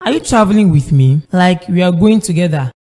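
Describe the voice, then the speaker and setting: A man's voice: high-pitched, lively intonation, a little fast, mellow. An actor voicing a bitter, grieving young man who talks in a curt, dismissive way. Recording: long reverb.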